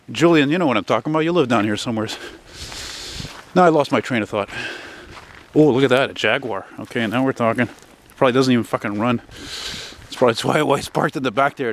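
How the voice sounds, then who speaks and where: A man's voice: medium pitch, a little hiss or hum. A middle-aged man from Canada, narrating a casual walking vlog outdoors on a residential street, chatting and rambling with a nostalgic streak and the odd curse. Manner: rambling, chatty, wistful, sprinkled with swearing. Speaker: vlogger.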